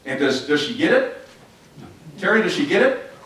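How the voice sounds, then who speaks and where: A man's voice: high-pitched, moderate pace. A man preaching an interactive sermon, asking the congregation questions and acting out scenes. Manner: animated, asks the congregation questions and acts out scenes. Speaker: pastor. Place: church sanctuary. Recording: echoey church from a distant mic.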